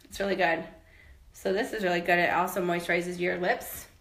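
Enthusiastic woman in her fifties, casual vlogger, slightly low pitch, roomy echo. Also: little pitch movement, fairly quick, a bit bright. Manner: chatty and enthusiastic, with many fillers. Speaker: home tour vlogger. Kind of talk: casual product show-and-tell. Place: inside a home. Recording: echoey room, faint noise.

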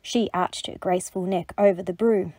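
A woman reading a picture book aloud to children, gentle and expressive. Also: on the low side, normal speed, husky, no echo. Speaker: storybook reader. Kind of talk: children's read-aloud narration.

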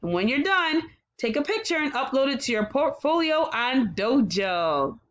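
A woman teaching a phonics lesson to young children, sounding out letters slowly and praising them often. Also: sits high, big pitch swings, highs cut off. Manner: slow, encouraging, sounds out letters. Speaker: kindergarten teacher.

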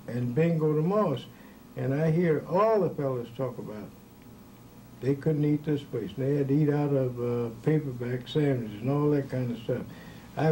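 Telling old ballplaying stories in an interview, this aging former baseball player rambles folksily and laughs softly as he goes. He has a slightly high, mellow voice, captured in a low-quality recording with a bit of background noise.

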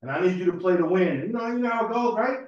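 A man's expressive, high-pitched voice comes quickly, a little mellow, through dull audio and an echoey room. He's a speaker at a religious temple meeting, sermonizing casually with personal stories, repeating words and prompting listeners with "right?".

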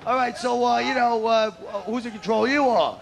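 A man hosting a game show outdoors, shouting wisecracks and teasing the contestants. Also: extremely high pitch, normal speed, vocal fry. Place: outdoors at a spring break beach event. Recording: loud crowd and music at outdoor taping. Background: loud cheering crowd and music.

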